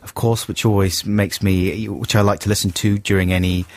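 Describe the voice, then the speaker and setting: A man's voice: lowish voice, level tone, moderate pace, no echo. A man hosting a radio show, talking animatedly in a mock-outraged, chuckling way. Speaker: radio host. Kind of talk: casual radio banter. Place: radio studio.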